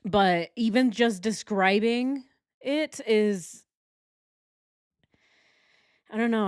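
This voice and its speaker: This is a woman commentator reacting to a disturbing trial, her speech slow and broken by restarts and pauses. Her voice sits close and dry on the microphone, with no room around it. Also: mid-range voice, clear, resonant tone, no echo. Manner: halting, shaken, many restarts. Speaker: true crime commentator. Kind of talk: reacting to court coverage.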